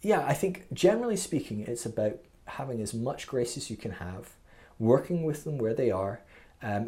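A man's voice: medium pitch, warm tone. Earnest man teaching with many "okay?" checks. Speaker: podcast host teaching a spiritual growth model. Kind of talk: casual teaching monologue.

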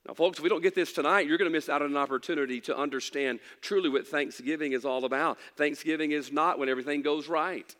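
A man's voice: a little high, fast talker, hardly any pauses, a bit bright, big-room sound. A middle-aged man preaching a sermon, emphatic at times and dropping into folksy storytelling. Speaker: pastor. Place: church.

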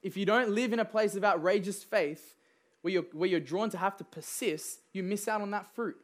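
Speaking in a high pitch, this young preacher keeps his sermon casual, like a chat among friends. He tells stories loosely, with plenty of fillers and quick bursts of laughter.

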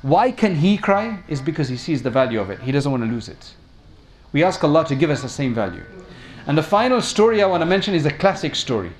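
A man's voice: on the high side, big pitch swings, fast talker. A man preaching a sermon, telling stories and asking his listeners questions. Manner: storytelling, addresses audience with questions.

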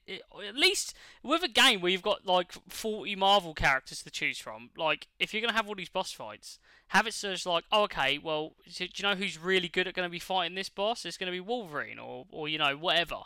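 Bright-voiced man, sweary and rambling. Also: high-pitched, animated, a little fast, clean tone, no room sound. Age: late 20s. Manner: sweary, rambling, lots of fillers and restarts. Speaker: podcast co-host. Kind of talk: casual chat.

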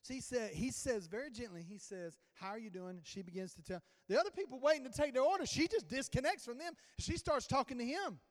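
A man preaching a sermon as a pastor, telling a story with sudden swings in loudness. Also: very high voice, lively intonation, fast talker, few pauses. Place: church sanctuary. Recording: long church reverb.

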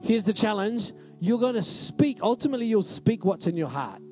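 A man's voice: sits high, animated, normal speed, darkish tone, soft background music. A male pastor giving a conversational, emphatic sermon in a church and often asking the congregation "right?".

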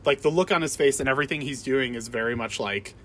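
A man's voice: mid-range voice, fast, a bit bright. A man chatting about a film, emphatic, with lots of "like" fillers and laughter. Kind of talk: casual film discussion.

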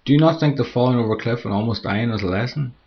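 A man voicing a reckless young woman who cries out in high, pleading tones, in a spoken horror story. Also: racing, highs cut off, natural voice. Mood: furious. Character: reckless young woman, teasing then terrified.

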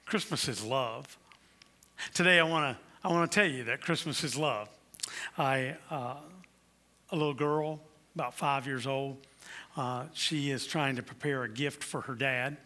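A man's voice: medium pitch, unhurried, pushed and bright. A man preaching a Christmas sermon, building to emphatic declarations and telling stories to his congregation. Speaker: pastor.

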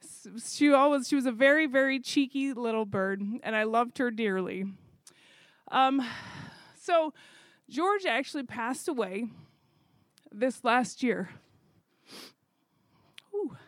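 A woman who coordinates zoo volunteers, telling a story in a chatty, animated way with fillers. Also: on the high side, takes it slowly, pauses often, no echo. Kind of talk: casual storytelling.

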